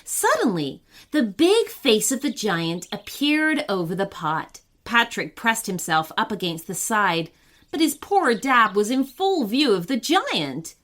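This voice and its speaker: Expressieve vertelster van een slaapverhaal. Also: female voice, a little high, unhurried. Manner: expressive, storybook reading. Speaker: storyteller. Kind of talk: scripted bedtime story narration.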